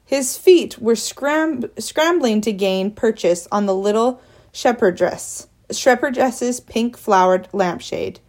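A woman narrating a children's novel aloud in a clear, steady storytelling voice. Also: on the high side, slow pace. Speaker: audiobook narrator.

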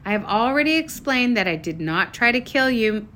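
A woman voicing a stiff, formal grown-up father in a storybook reading, speaking in a measured, formal way. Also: on the high side, lively intonation, sharp tone.

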